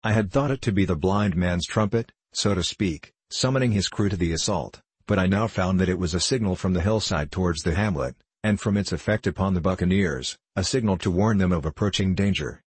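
A man narrating a storybook in a measured, steady reading. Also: low voice, breathy edge, no echo. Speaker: audiobook narrator.

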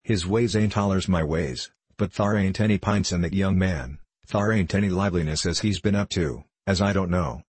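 A man voicing a grave, earnest, stout male miner who speaks in rough backwoods dialect. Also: low voice, moderate pace, few pauses, no echo.

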